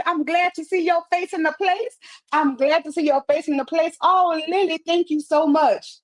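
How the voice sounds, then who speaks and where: Speaking at a normal speed in a very high voice, a woman reads out and answers comments on her live stream. She talks into a wireless earpiece, keeps the encouragement upbeat, and frequently repeats phrases for emphasis, in the style of motivational stream chat.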